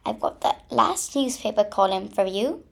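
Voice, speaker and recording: A woman's voice: mid-range voice, normal speed, creaky. A woman voicing a cheerful, trusting male squirrel in a storybook reading, talking in eager bursts. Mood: excited. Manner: excited, eager, loud.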